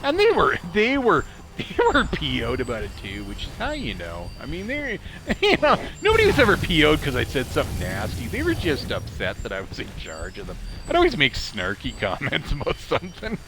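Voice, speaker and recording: A gamer with a drawling Idaho accent rambles through casual commentary and stories while he plays, laughing often in a snarky, self-mocking way. His voice is a little high with huge pitch swings, he speaks a little fast, and there's background noise.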